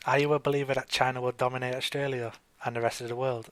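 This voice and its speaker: A man's voice: mid-range voice, level tone, fast talker, no echo. A man co-hosting an online talk show, teasing the guests with provocative questions. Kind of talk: casual chat.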